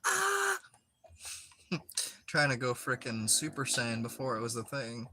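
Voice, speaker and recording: A man's voice: medium pitch, steady tone, moderate pace, bright, forceful tone, slight background noise. A young man chatting casually while he plays a game, rambling with lots of filler words and frequent giggles. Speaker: gaming streamer.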